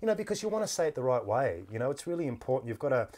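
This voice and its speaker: A man's voice: mid-range voice, sing-song, rapid-fire, darkish tone. A man hosting a podcast interview, telling stories in a chatty way with lots of restarts and easy laughter, into a podcast microphone. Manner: chatty storyteller, laughs easily, many restarts. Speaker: podcast host. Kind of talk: casual interview chat.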